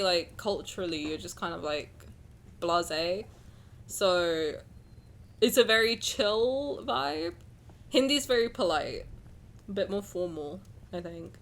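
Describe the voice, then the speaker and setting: A young Englishwoman with a southern accent and a faint transatlantic edge, talking with her stream chat. She rambles cheerfully and leans on "like" fillers. Her voice sounds clear and bright on a close desk mic. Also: medium pitch. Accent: southern English, slightly transatlantic. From England. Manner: rambling, chatty, lots of "like" fillers. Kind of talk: casual chat with live stream chat.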